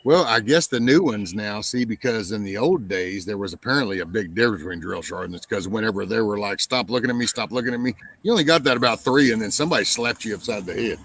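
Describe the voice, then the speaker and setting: Hombre de voz grave que cuenta anécdotas. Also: male voice, on the low side, lively intonation, fast, few pauses, fairly bright tone, dry recording, poor audio. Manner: storytelling, mimics other people's voices, swears freely. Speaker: podcast host. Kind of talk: casual chat.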